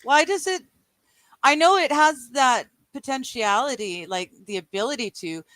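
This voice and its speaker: A woman co-hosting a casual livestream, dropping in slow, drawn-out remarks and chuckles. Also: high voice, fairly bright tone, no room sound. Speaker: livestream co-host. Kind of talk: casual chat.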